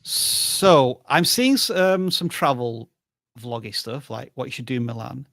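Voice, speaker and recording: A man's voice: mid-range voice, lively intonation, measured pace, creaky, fairly bright tone, dry recording, studio quality. A man co-hosting a live stream in casual chat, playful and thinking aloud. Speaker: livestream co-host.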